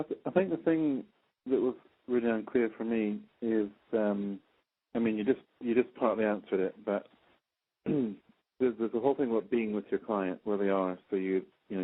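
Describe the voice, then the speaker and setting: Male coaching student, halting, low voice, phone line. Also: fairly even intonation. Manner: halting, with many restarts. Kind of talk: asking questions in a class call.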